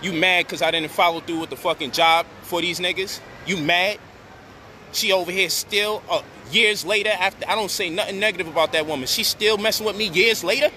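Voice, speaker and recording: Indignant man ranting with a bright edge. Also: high-pitched, fairly even intonation, a little fast, a little hiss or hum. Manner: indignant, profane, rising to near shouting at times. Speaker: online commentator addressing his audience. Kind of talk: heated direct-to-camera rant.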